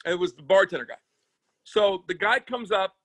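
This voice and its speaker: Comedian guest, male; high, bright, very dry voice; rambling, profane, acts out the characters in his stories. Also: moderate pace, dry recording. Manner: animated, profane storyteller acting out other people's voices. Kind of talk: casual storytelling chat. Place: podcast studio.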